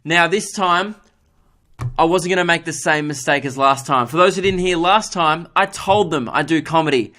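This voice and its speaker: A man's voice: on the high side, moderate pace, pushed and bright. A man, a comedian hosting his own podcast, telling a funny story in an exasperated, ranting, self-mocking way.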